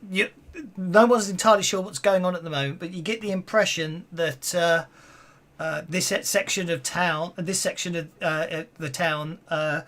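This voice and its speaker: A man's voice: a little high, steady tone, normal speed, a bit bright. A man narrating as game master of a tabletop game, rambling with many fillers and restarts.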